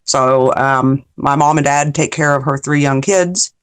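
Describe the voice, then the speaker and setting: A woman's voice: rumbling low, fairly even intonation, a little slow, clean tone. A woman chatting as a guest on a live-streamed interview, laughing often and losing her train of thought. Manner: giggly, easily sidetracked, laughs a lot. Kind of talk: casual chat.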